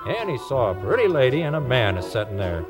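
A medium-pitched man speaks fairly quickly as he tells a children's story in the folksy style of a 1940s record, using lively voices and rural charm. It sounds like an old record with music playing behind him.

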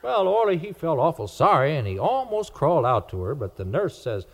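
A man with a higher voice tells a children's story quickly and with few pauses, in a lively, folksy rural manner reminiscent of 1940s records. The audio has an old-record quality with music in the background.

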